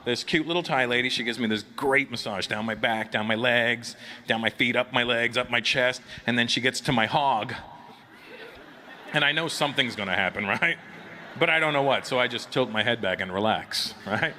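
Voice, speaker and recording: A man's voice: medium pitch, moderate pace, sharp tone. A man doing stand-up comedy before a live audience, telling crude, rambling stories, laughing at his own jokes and checking in with the crowd. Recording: noisy live club recording.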